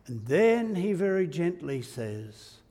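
A man's voice: fairly high pitch, big pitch swings, slow pace, warm tone. A male preacher giving a sermon in a church, reflective in manner and asking the listeners rhetorical tag questions. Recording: echoey hall reverb.

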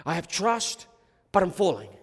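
A man preaching a sermon in short, deliberate phrases with long pauses. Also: sits high, big pitch swings, breathy edge, in a large hall.

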